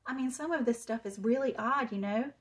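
A curious, wary boy exploring an old house, read by a woman in her own voice. His lines are hushed and plain, with little acted change from the narration. It has the feel of a storybook read-aloud. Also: fairly high pitch, a little fast, close to an everyday voice.

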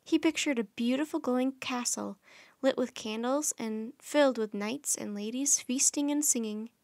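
A woman hosting a children's storytime, reading a chapter book aloud in a gentle, friendly, unhurried way. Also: fairly high pitch, no echo.

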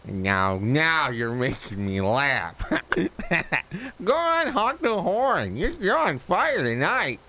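Goofy, naive nice guy, put on by a man, high-ish, slow and bright. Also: very animated, slight background noise, full character voice. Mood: amused teasing. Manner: chuckling, good-natured teasing. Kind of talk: voiced role-play in a game.

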